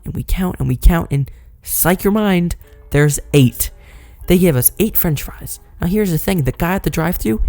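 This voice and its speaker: A young man telling a rambling, animated story in a casual vlog. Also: on the high side. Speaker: vlogger.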